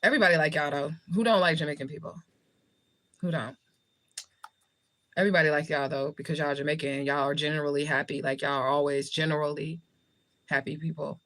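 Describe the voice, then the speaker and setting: An American woman hosting a livestream as a spiritual reader answers viewer comments in a casual, blunt, joking manner, swearing heavily and laughing often. Her voice sits low and steady with a bit of brightness, a little fast but with long pauses.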